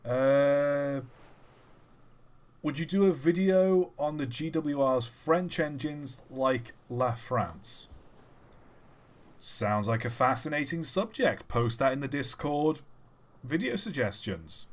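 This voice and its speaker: A young man, chatting and telling stories casually on a live stream, animated and dropping the odd swear word. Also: on the high side, takes it slowly.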